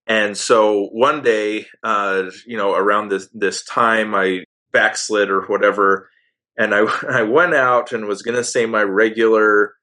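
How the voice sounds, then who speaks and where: An earnest man tells the story of a personal religious experience as a testimony, his voice bright but lowish, slow and steady. He speaks haltingly with restarts, and his intensity rises when he talks about being angry.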